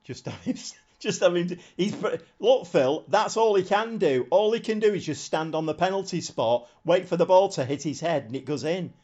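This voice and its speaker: A man streaming a football management game, commenting live on the match and shouting at the screen when it gets exciting. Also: sits high, normal speed, hardly any pauses. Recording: slightly dull lo-fi sound.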